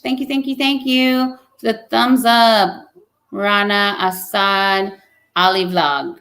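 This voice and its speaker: A young, pregnant woman with a medium-pitched, slightly bright voice speaks slowly in a steady tone. Hosting a casual live chat, she reads comments and playfully teases her viewers, laughing often.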